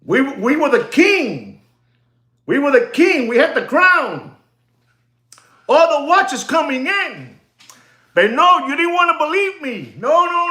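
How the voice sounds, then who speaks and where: A man's voice: extremely high pitch, big pitch swings, measured pace, bright, forceful tone, reverberant. A man hosting a livestream as a watch dealer, ranting emphatically, repeating himself and dropping Spanish phrases.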